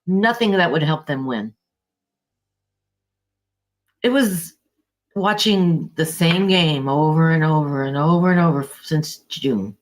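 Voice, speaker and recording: A woman with a somewhat low voice, venting on a casual sports podcast. She is heated and exasperated and swears freely as she complains. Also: takes it slowly, pauses often. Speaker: podcast co-host.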